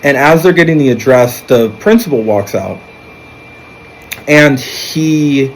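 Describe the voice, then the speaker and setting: A man's voice: medium pitch, slow pace, slight background noise, poor audio. A man recapping a film's plot in a casual, rambling way, with fillers and restarts. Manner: rambling storytelling, animated when quoting characters. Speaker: movie reviewer.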